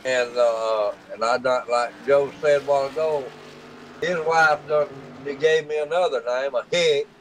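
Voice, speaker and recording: Folksy deep-Southern Alabama man. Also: steady tone, measured pace, slight background noise, poor audio. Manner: folksy, drawling, laughs easily. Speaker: race commentator. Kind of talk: casual race broadcast commentary.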